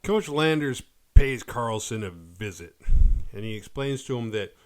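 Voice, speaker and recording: A man casually recapping a horror movie on his podcast, acting out characters' lines as he goes. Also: mid-range voice. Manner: animated retelling, quick quoted voices for characters.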